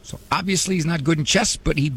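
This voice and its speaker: A man's voice: fairly high pitch, fast, fairly bright tone, breathy edge, dry recording. A man hosting a radio advice talk show, conversational and humorous with a preachy bent.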